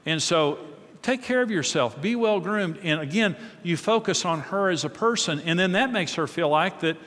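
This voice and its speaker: A middle-aged man teaches a marriage talk to a live audience in a large hall with long reverb. His voice is high and a bit bright, with lively intonation at normal speed, and he talks conversationally, repeating words and telling anecdotes.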